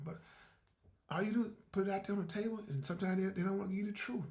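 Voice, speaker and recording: A man's voice: high-pitched, racing, a little mellow. A man hosting his own podcast, talking casually in a folksy way, repeating words and acting out little dialogues. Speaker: podcast host. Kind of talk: casual solo monologue.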